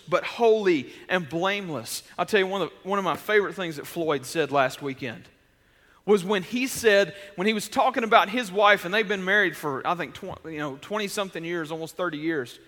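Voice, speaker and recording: A man preaching a sermon in a casual, conversational way, with many restarts, swinging between loud emphasis and quiet, intimate stretches. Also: high voice, big-room sound. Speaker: pastor.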